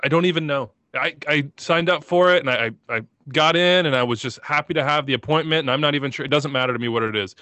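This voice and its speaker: Excitable man with a slightly high voice. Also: fast talker, hardly any pauses, no echo. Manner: passionate, excitable, rambling. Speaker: podcast co-host. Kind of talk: emotional podcast chat.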